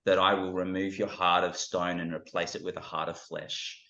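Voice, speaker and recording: A man's voice: sits low, little pitch movement, moderate pace, bright, forceful tone. A man speaking as an interview guest, talking earnestly and reflectively with many restarts, recorded with a dull, roomy sound. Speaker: guest, ministry founder.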